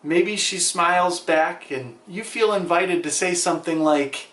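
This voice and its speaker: A man with a fairly high voice talks straight to camera in a playful, sarcastic, somewhat preachy way. His voice carries a roomy echo, as if he is in a bare room. He sounds like a vlogger handing out advice. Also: normal speed, few pauses, fairly bright tone. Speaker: vlog host.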